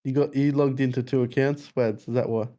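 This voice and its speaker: Brisk and dark-toned, this man's medium-pitched voice keeps a fairly even intonation as he hosts a live music game show. He laughs and banters, teasing contestants in casual live-stream chat.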